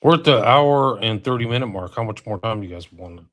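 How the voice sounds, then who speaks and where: A man's voice: on the low side, expressive, fast. A man co-hosting a casual discussion on a remote call, asking questions and steering the conversation. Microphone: remote call mic.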